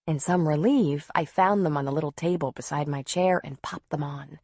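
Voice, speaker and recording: A woman narrating a novel in the first person, in a measured, softly expressive way. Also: deep voice, no room sound, studio quality. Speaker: audiobook narrator.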